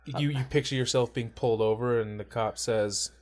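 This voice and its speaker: A man co-hosting a casual podcast, telling profane stories with animated retellings. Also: normal speed. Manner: acts out quotes with big pitch jumps. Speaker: podcast co-host. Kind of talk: casual chat.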